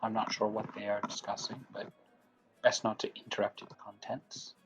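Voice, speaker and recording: A man voicing a calm, watchful male adventurer who speaks in a measured, quiet way. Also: lowish voice, faint music behind, natural voice, poor audio. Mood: reserved.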